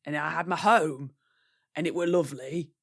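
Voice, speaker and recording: A woman's voice: deep voice, normal speed. A woman playing a boastful, rambling raven lad in a put-on Cockney accent who keeps saying "innit". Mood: evasive.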